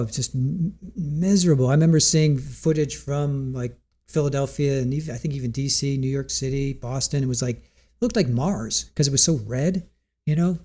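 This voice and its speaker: A man hosting a live stream, chatting casually and reading viewer comments aloud, rambling and thinking out loud with frequent restarts. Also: medium pitch.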